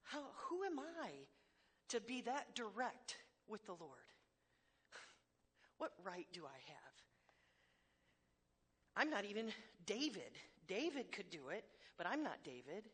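A woman's voice: mid-range voice, very animated, slow pace, long pauses, breathy edge. A woman preaching a sermon to a congregation in a church hall, candid and emphatic, with self-deprecating humor and repeated words for stress.

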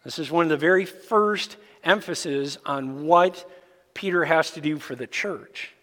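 Slow, deliberate male preacher in a reverberant hall. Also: fairly high pitch, bright, forceful tone. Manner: deliberate, emphatic explaining. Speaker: pastor. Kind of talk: expository sermon. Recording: long reverb in a large hall.

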